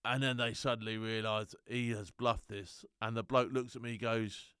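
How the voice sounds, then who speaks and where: A middle-aged man telling animated, slangy stories as a former soldier and laughing often. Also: mid-range voice, moderate pace, clear, resonant tone, no echo, studio quality. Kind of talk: casual anecdote.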